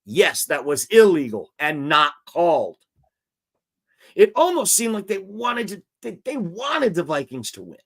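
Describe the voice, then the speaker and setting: A man's voice: sits high, sing-song, unhurried, fairly bright tone. A man hosting a live-stream football show, chatting and reading out viewer comments.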